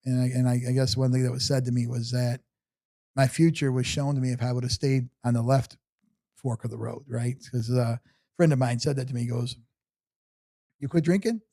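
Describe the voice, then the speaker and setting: A man's voice: mid-range voice, little pitch movement, fairly quick, warm tone, dry recording. A man in his sixties, an interview guest telling long personal stories in an earnest, rambling way, often restarting sentences. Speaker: podcast guest. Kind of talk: casual storytelling interview.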